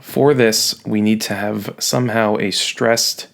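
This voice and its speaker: A man's voice: fairly low pitch, fairly even intonation, slow, gravelly, a bit bright. A man teaching a recorded lesson, playful and jokey, leaning hard on key words. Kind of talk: recorded classroom lecture.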